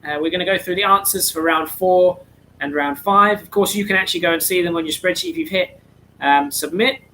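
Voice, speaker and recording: A man's voice: high-pitched, a little fast, bright, forceful tone, a little hiss or hum, poor audio. A man hosting an online charity quiz, reading out answers in a chatty, slightly flustered way. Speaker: quiz host.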